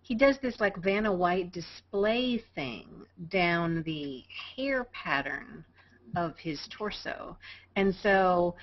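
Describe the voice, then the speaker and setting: A woman's voice: on the low side, lively intonation, slow, no echo. A woman co-hosting a casual group video chat, playful and teasing, repeating her lines for laughs. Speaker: co-host. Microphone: video call. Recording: dull lo-fi web call audio.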